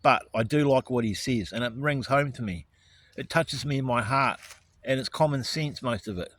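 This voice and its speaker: Brief: man, solo vlogger rant, heated and swearing, average pitch. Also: moderate pace, a bit bright. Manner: angry, profane, righteous indignation. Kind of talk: ranting monologue to camera.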